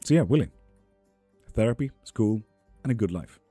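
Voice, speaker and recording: A man in his thirties chats casually with viewers on a live tarot stream, joking and answering their questions. His voice is low and dark with a husky grain. It is recorded close and dry, with faint music playing behind. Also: lively intonation, normal speed, dry recording. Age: 30s. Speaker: livestream tarot reader. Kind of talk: casual live-stream chat, reading comments aloud.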